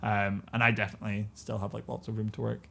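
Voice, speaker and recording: A man's voice: on the low side, flat delivery, fast, creaky, fairly bright tone. A British man in his twenties chatting candidly as a podcast guest, laughing often and full of fillers. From Britain. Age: 20s. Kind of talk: casual chat.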